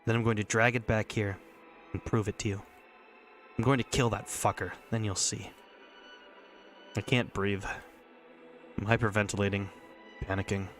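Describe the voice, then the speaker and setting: A man's voice: on the low side, little pitch movement, normal speed, pauses often, fairly bright tone, faint music behind, lightly acted. Man reading as Michelle, furious stubborn girl. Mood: obsessive. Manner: intense inner monologue. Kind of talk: visual novel reading.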